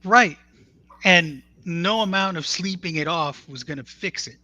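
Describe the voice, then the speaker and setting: Bright-voiced man telling a story. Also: high-pitched, unhurried, no echo. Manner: earnest, matter-of-fact, quotes others as he tells it. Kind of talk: conversational storytelling.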